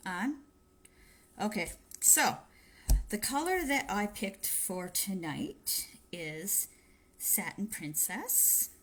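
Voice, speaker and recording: A nail tech live-streams a polish tutorial from her phone, chatting through it and offering tips with friendly asides. Her mid-range voice is fairly bright, swings widely in pitch, and moves very slowly.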